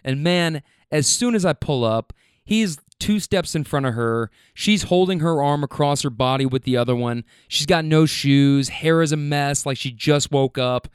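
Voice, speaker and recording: A man's voice: a little high, normal speed, clean tone, no echo, clean studio sound. A man who drives for a rideshare service, telling stories from his rides in a casual, laid-back way, swearing freely and talking straight to the listener. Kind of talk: casual storytelling.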